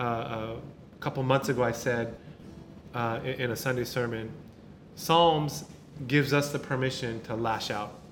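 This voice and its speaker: A man's voice: medium pitch, fairly bright tone, a little hiss or hum. A male pastor preaching an informal sermon, talking in a casual way with restarts and many tag questions. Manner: conversational, repeats words, many tag questions.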